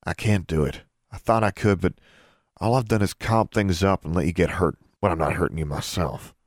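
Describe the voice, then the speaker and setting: A man's voice: deep voice, normal speed, no echo, clean studio sound. A man playing a protective teenage brother. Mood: earnest. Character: proud teenage boy, protective older brother.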